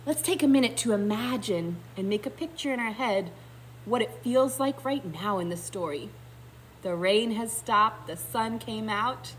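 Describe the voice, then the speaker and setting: Gentle, lively kindergarten teacher reading aloud. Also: female voice, fairly high pitch, unhurried, slight background noise. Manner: gentle and explanatory, thinking aloud. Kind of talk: reading a picture book aloud with explanations.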